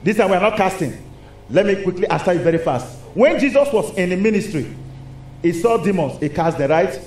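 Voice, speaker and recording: High-voiced Nigerian preacher in an echoey hall. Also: male voice, brisk. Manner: animated, call-and-response preaching with rhetorical questions. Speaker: pastor. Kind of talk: sermon. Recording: echoey hall with faint noise.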